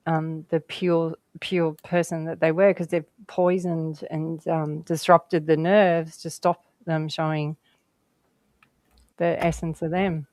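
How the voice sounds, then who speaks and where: A woman's voice: fairly low pitch, a little mellow, dry recording. A woman guest telling stories in casual conversation, chatty and rambling, laughing often.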